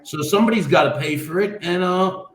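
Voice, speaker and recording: A man calmly giving a matter-of-fact account in a panel discussion. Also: high-pitched, fairly quick, reverberant, rough recording. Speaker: formerly incarcerated panel guest.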